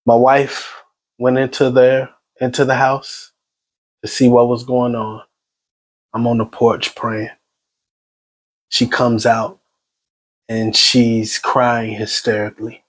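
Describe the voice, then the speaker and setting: A shaken man tells what happened in a raw, halting voice. His pitch sits in an ordinary middle range, and he keeps breaking off and restarting. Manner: agitated, halting retelling with restarts. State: shaken and grieving. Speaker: son recounting his mother's death. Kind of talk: personal spoken testimony.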